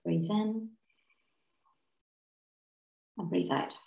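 A woman's voice: lowish voice, very slow, vocal fry, roomy sound, lo-fi sound. A woman leading a guided laughter and relaxation class, playful and encouraging, often giggling between instructions. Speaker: laughter and relaxation session leader.

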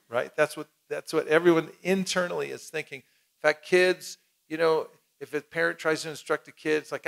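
A man teaching a lively seminar to an audience, acting out short dialogues and having the crowd repeat lines after him. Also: fairly high pitch, brisk, creaky. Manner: animated, acts out little dialogues, leads the crowd in repeating. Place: cultural center hall with audience.

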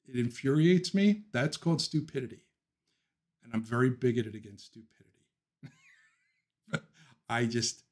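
A man from Philadelphia hosting a casual livestream, talking through viewer comments, ranting with opinions and laughing often. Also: mid-range voice. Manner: talks through thoughts with frequent ums and restarts. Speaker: livestream host.

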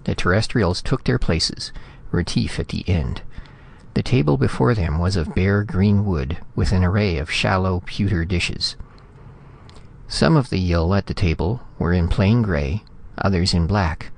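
A man narrating a science fiction story in a steady, measured reading. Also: deep voice, vocal fry. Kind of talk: scripted audiobook narration.

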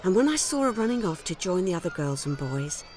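A wry, rueful housewife. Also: female voice, fairly low pitch, big pitch swings, a little fast, a little hiss or hum. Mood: wistful. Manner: wry and rueful, quietly downcast. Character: weary, wry English housewife in a loveless marriage. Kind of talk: scripted film monologue.

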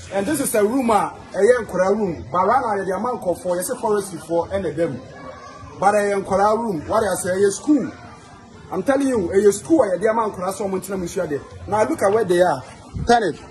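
A man with a Ghanaian accent giving a casual, halting walking tour to camera, pointing things out and repeating himself. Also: high-pitched. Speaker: vlogger touring a school.

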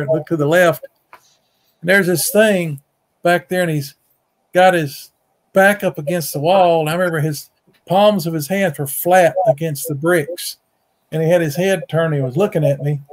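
With a steady tone and moderate pace, a middle-aged Mississippi man with a drawl tells a long, rambling story as a guest storyteller and Bigfoot researcher, speaking from his rural farm home. His voice is a bit high for a man, and his folksy delivery doubles back on words. He goes higher when voicing what others said.

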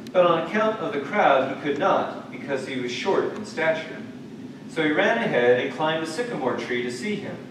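Man leading worship in an echoey church. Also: fairly high pitch. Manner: measured liturgical reading, then playful talk with children. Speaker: pastor. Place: church sanctuary. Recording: echoey sanctuary recorded from far off, noisy.

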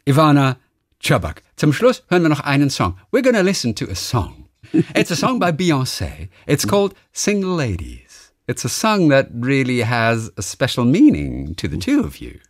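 A man hosting a radio interview, summarizing in German and asking questions in English with lively banter. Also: medium pitch, moderate pace, no room sound, studio quality. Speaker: radio host. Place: radio studio.

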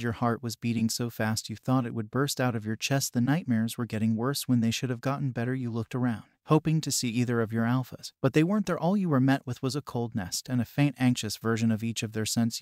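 A man reads a second-person romance story in a steady, unhurried storybook delivery. His voice sits at a middling pitch. The recording is dry, with no audible room. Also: dry recording. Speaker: narrator. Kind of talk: second-person fan fiction reading.

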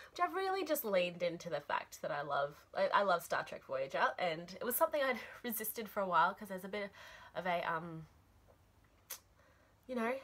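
A woman's voice: fairly low pitch, pushed and bright. A young woman hosting a knitting podcast, chatting enthusiastically about her projects with frequent ums and little laughs.

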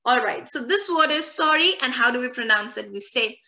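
A woman teaching a French lesson online, repeating each word slowly so learners can copy it. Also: a little high, expressive, sharp tone. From India.

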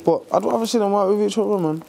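A young man, a rapper chatting casually backstage before a show, animated and swearing freely. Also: sits high, quick pace, gravelly, a crowd in the background. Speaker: rapper on tour.

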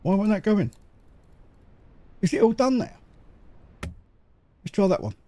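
A middle-aged man rambles through casual game commentary, giggly and chatty. His voice sits a little high for a man but has a mellow, soft tone. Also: big pitch swings, measured pace. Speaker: gaming YouTuber.

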